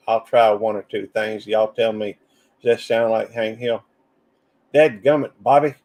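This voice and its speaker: Gravelly Southern man rambling on a live stream. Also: on the low side, darkish tone. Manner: rambling, drawling, reads chat comments aloud. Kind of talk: casual live stream chat.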